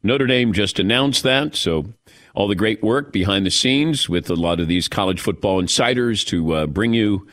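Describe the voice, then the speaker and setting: A middle-aged man hosting a sports radio show in casual chat, animated and laughing often. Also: lowish voice, normal speed.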